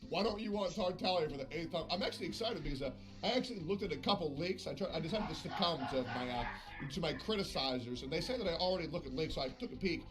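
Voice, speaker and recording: A man's voice: fairly high pitch, expressive, quick pace, music in the background. A man chatting on a live game stream, swearing often and slipping into passive-aggressive sarcasm. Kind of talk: casual live-stream chat.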